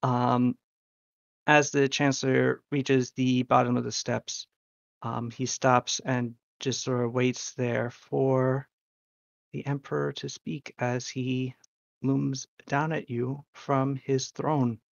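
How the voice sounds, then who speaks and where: A man narrating as game master, halting with many ums, his allergies acting up. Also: medium pitch, little pitch movement, vocal fry, dry recording. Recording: dull, dry lo-fi mic.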